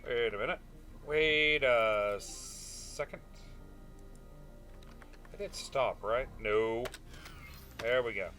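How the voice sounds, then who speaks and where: Soft music plays behind a young man's mid-range, sharp-toned voice as he streams a space game. He draws out his words and leaves long pauses, chatting casually with viewers, responding to chat, and frequently drifting into "uh" and "um."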